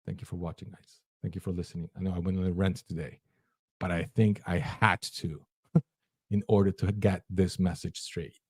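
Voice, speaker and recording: A man's voice: low-pitched, level tone, moderate pace, slightly rough, no echo, studio quality. Emphatic man giving a motivational rant. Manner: emphatic, preachy, acts out inner voices. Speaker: host. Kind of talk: motivational livestream talk.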